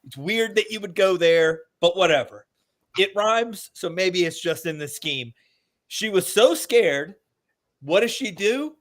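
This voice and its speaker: A man's voice: sits high, a little slow. A man from Alabama with a Southern accent, co-hosting a casual veterans' podcast, riffing sarcastically and swearing freely. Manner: sarcastic, swearing, animated mock outrage. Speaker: podcast co-host. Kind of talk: casual comedic chat.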